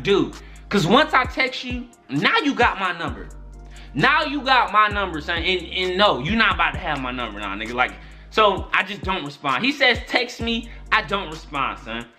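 A man's voice: high voice, sharp tone. A young man telling a story-time tale in casual, profane slang, often repeating "son" and "my nigga". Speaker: YouTube storyteller.

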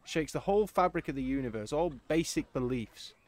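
A man's voice: fairly high pitch, animated, fairly quick, voice pushed up, close to an everyday voice. A man voicing a shaken, disbelieving male scientist who stammers and insists. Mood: panicked. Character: panicked male scientist, middle-aged, disbelieving.

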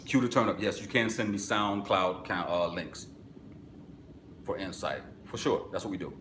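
Low-voiced man hosting a live chat. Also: moderate pace. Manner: excitable bursts, then drops low and relaxed. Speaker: webinar host answering live chat. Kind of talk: casual live-stream chat. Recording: echoey room, faint background noise.

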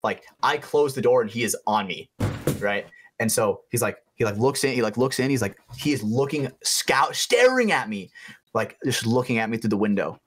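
A young man co-hosting a podcast, telling a story in a loose, animated way, swearing freely and acting out the people in it. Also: medium pitch, normal speed, slightly rough. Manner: animated, swearing storyteller who acts out voices. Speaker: podcast co-host. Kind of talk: casual storytelling chat.

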